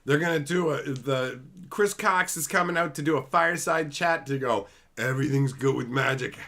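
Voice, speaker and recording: A male live-stream host with a bright, slightly high, forceful voice. He rants bluntly and sarcastically with plenty of swearing. He breaks off now and then to greet viewers in the chat. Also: moderate pace, vocal fry. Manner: blunt, sarcastic, profane ranting. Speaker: livestream host. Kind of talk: profane live-stream commentary.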